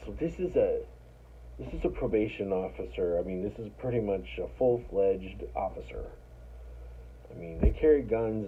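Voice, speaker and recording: A man's voice: mid-range voice, husky. A man telling his own story in a casual, rambling, profane way, full of restarts and self-mockery. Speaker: storyteller recounting his life. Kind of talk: casual first-person storytelling. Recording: tinny phone-like audio with faint noise.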